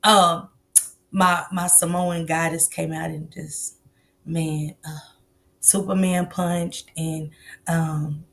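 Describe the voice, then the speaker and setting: A woman's voice: deep voice, level tone, takes it slowly, vocal fry, a bit bright. A middle-aged woman hosting a casual livestream, greeting chat viewers by name in loose, slangy talk. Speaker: livestream host.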